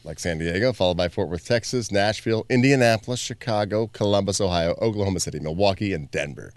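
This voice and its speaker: A man's voice: sits low, quick pace. A man co-hosting a show, trading jokes and telling funny stories in casual banter. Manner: joking, animated storyteller. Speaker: radio show co-host.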